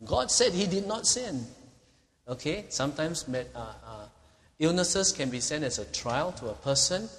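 A man's voice: a little high, expressive, normal speed, a bit bright, slight background noise. A man preaching an expository sermon, teaching with emphasis and often checking in with his listeners by asking "okay?". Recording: long reverb of a hall.

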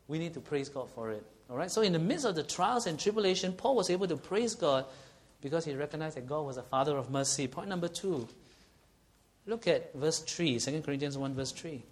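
A man preaching a sermon, earnest and often checking in with the congregation. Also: on the high side. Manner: earnest, asks the congregation frequent questions.

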